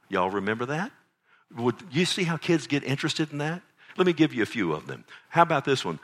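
A middle-aged man preaching a sermon, animated, full of rhetorical questions. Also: medium pitch, fairly quick. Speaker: pastor. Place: church sanctuary.

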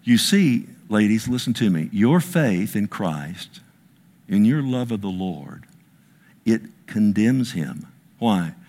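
A man in his sixties preaching a sermon to a congregation, swinging from loud, high bursts to slow, low emphasis, with self-mocking asides. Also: sing-song. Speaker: pastor.

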